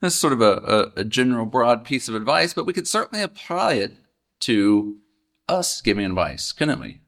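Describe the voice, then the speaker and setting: A man's voice: medium pitch, very animated, normal speed, creaky, a bit bright. A man teaching from the Bible in a casual, conversational way, often asking his listeners questions. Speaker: preacher.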